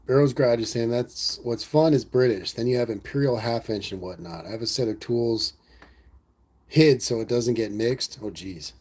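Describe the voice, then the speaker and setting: A man's voice: medium pitch, moderate pace, darkish tone. A man hosting a casual livestream, reading viewer comments aloud and answering in a laid-back, rambling way. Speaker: livestream host reading chat.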